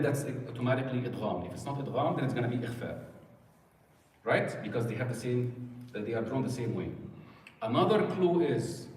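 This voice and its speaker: Teacher in an echoey mosque hall. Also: male voice, mid-range voice. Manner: patient, asks students questions. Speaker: Quran recitation teacher. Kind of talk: classroom lesson. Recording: echoey hall, mic far off.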